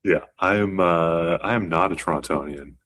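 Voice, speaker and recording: A Canadian man co-hosting a podcast in casual chat, easygoing and quick to agree with his co-host. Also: deep voice, a bit bright. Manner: easygoing, agrees often with "yeah".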